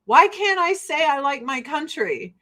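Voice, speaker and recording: An American woman hosts a livestream selling skincare, ranting casually in an animated, blunt and profane way. She laughs often, and her voice sits high while her pace stays unhurried.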